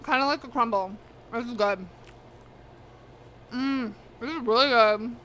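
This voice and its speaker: A woman's voice: on the high side, measured pace, a bit bright, slight background noise. A woman hosting a cooking live stream, chatting casually and bluntly with viewers while she eats, swearing freely and sometimes talking with her mouth full. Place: home kitchen.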